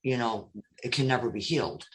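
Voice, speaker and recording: A man's voice: mid-range voice, brisk. A man taking part in a casual online roundtable, speaking reflectively and hesitantly, often searching for his words. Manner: reflective, hesitant, many fillers and restarts. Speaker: roundtable guest. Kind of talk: casual online group chat.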